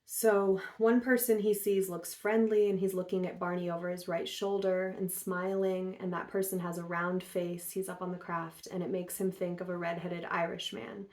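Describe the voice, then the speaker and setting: A woman's voice: on the low side, flat delivery, moderate pace, hardly any pauses, darkish tone. A woman hosting her own show, casually retelling a story in a chatty way with many fillers. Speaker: host.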